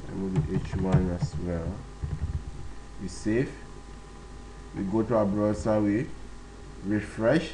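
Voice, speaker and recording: In a screen-recorded tutorial, a man with a lowish, steady voice walks through web page basics over some background noise. He goes slowly, step by step, leaning on lots of fillers and repeating phrases.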